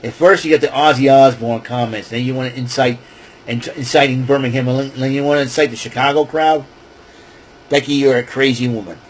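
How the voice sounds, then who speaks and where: A man casually rambling through a wrestling show recap, excitable and correcting himself as he goes. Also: medium pitch, fairly quick, slight background noise, rough recording. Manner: excitable, self-correcting, chatty asides.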